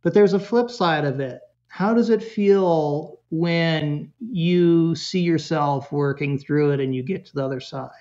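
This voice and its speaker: Man, parenting expert guest, lively storyteller, lo-fi sound. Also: a little high, a little slow, hardly any pauses. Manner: animated storyteller with chuckles and voiced quotes. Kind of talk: storytelling in a podcast interview.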